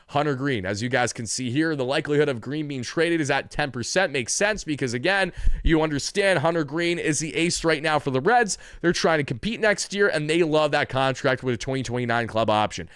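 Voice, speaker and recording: A man's voice: on the high side, a bit bright, smooth, no echo, studio quality. A man hosting a sports channel, giving opinionated commentary in a conversational way and correcting himself mid-sentence.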